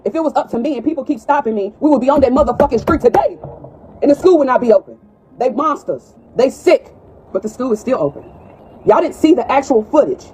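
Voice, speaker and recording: A woman's voice: sits high, lively intonation, fast talker, mellow, slightly rough, rough recording. A mother confronting school staff indoors, distraught and pleading, repeating her accusing questions, filmed on a phone.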